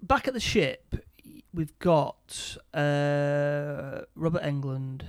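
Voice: mid-range voice, drawn-out words, smooth. A speaker casually retelling a film's plot scene by scene, stumbling over and repeating words. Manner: stammering, repeats words often.

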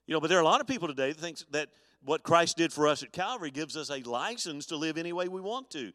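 A man's voice: a little high, fast, fairly bright tone, no room sound, clean studio sound, long reverb tail. A man preaching a live sermon as pastor, folksy, with stammered restarts and chuckles. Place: church sanctuary.

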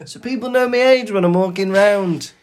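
A man's voice: sits high, normal speed. A man, co-hosting a podcast in casual chat, telling jokey stories and recapping a book chapter. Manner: jokey, animated storytelling. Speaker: podcast co-host.

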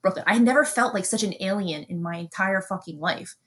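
A woman's voice: medium pitch, a little fast. A young woman co-hosting a casual podcast chat. She rambles, second-guesses her own word choices, and swears offhandedly. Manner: chatty, swearing, self-questioning.

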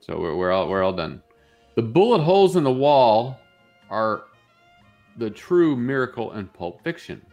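A man's voice: medium pitch, sing-song, a little slow, darkish tone. Man, morning show co-host, reads lists aloud, amused, restarts, faint music behind. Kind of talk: casual morning show chat.

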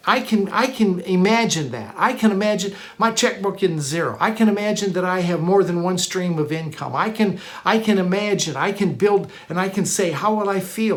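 Emphatic preacher repeating declarations. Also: medium pitch. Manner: emphatic, repetitive declarations with frequent restarts. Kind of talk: sermon teaching.

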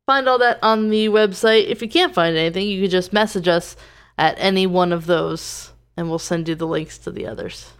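A young woman co-hosting a podcast with a smooth, clear voice that sits a little low. She speaks in a relaxed, matter-of-fact way. The chat stays casual. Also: normal speed. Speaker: podcast co-host.

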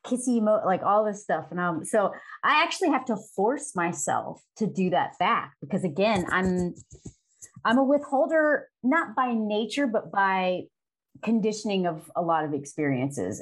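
A woman's voice: fairly low pitch, animated, measured pace. A woman in her forties talking frankly as an interview guest, laughing often and swearing casually. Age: 40s. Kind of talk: candid conversational interview.

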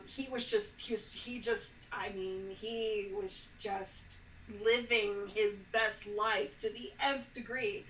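A woman's voice: medium pitch, bright, forceful tone. A woman chatting enthusiastically as a podcast guest, often restarting her sentences. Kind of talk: casual chat. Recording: echoey, distant mic with faint background noise.

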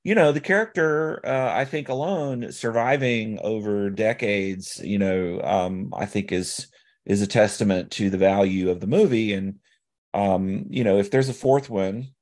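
A man's voice: on the low side, normal speed, a little mellow. A man co-hosting a podcast, talking about movies in a loose, rambling way full of fillers and restarts. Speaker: podcast co-host. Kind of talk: casual film discussion.

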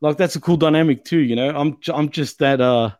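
Brief: a chatty podcast host, sweary and rambling, fairly high-pitched, recorded dry. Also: male voice, brisk, darkish tone, no echo. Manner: profane, rambling, lots of "you know what I mean". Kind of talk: casual chat.

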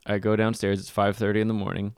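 Podcast co-host, male, low smooth voice, lively storyteller, dry close mic. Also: fast, no room sound. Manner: animated storyteller, laughs often. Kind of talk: casual chat.

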